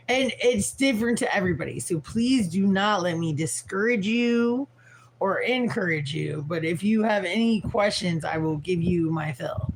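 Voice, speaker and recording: A woman's voice: on the low side, normal speed, noisy background. A tired woman from St. Louis rambling frankly through a livestream, swearing casually and leaning on fillers. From Midwest US, St. Louis. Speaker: vlogger livestreaming.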